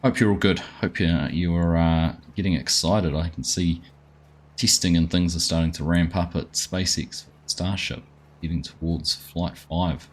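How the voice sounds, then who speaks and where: Host: low husky New man, relaxed chatty stream talk, greets viewers. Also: a little slow. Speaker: gaming livestream host. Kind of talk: casual chat while playing a farming game.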